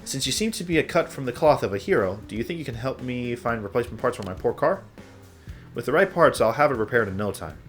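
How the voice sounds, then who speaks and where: A man's voice: mid-range voice, animated, fast talker, a bit bright, soft background music, close to an everyday voice. An actor voicing a flamboyant young man in a video game, a hero-obsessed fan who talks in grand, theatrical phrases. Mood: admiring. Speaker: game character.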